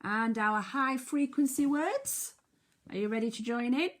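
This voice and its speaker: A woman teaches phonics to young children, speaking slowly and deliberately. She sounds out each letter carefully, counts down before each task and gives encouraging praise. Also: fairly high pitch.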